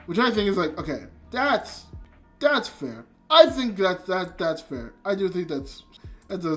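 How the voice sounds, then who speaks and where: A streamer giving a casual spoken anime review, rambling, restarting sentences and swearing freely. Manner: excitable, jumps between high and low.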